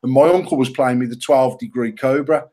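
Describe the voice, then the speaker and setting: A middle-aged British man co-hosting a casual podcast, telling an animated, self-mocking story full of swearing. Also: medium pitch, a little fast. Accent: British English. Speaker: podcast co-host.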